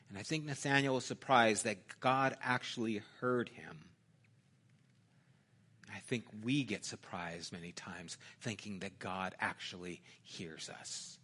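A middle-aged male pastor delivers a sermon in a relaxed, conversational manner. His voice is bright and of middle pitch. He swings between loud emphatic bursts and hushed, intimate asides. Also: a little slow.

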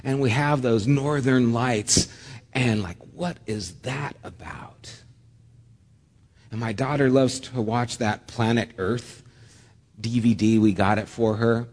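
A man preaching a sermon, telling a lively personal story with humor, then dropping soft and low for solemn points. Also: takes it slowly, long reverb tail. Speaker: pastor.

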